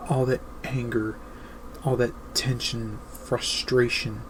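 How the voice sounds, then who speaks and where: A man hosting his own show, giving earnest, emphatic advice in a deliberate monologue. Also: mid-range voice, little pitch movement, background noise. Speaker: host.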